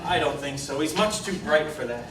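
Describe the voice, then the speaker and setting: An actor playing a calm, measured male juror who argues persuasively, in a 1950s film drama. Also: on the high side, close to an everyday voice. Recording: roomy film soundtrack, distant, faint hiss.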